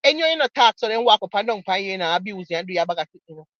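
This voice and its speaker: A woman's voice: mid-range voice, lively intonation, rapid-fire, fairly bright tone, no room sound, dull audio. A woman with a Jamaican accent giving casual commentary, emphatic and mocking, repeating her points for effect. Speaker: online commentator.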